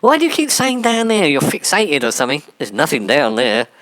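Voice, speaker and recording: Snidebottom, a prim nasal fusspot. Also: male voice, fairly high pitch, wildly swooping pitch, brisk, a crowd in the background. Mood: prim fussing. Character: prim fussy simpleton man, nasal and put-upon.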